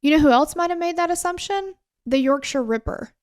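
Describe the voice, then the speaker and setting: A woman with a high voice co-hosts a true crime podcast. She talks casually and animatedly, full of fillers and exasperated asides, as she walks through the case. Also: expressive, a little fast, darkish tone. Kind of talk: casual conversational storytelling.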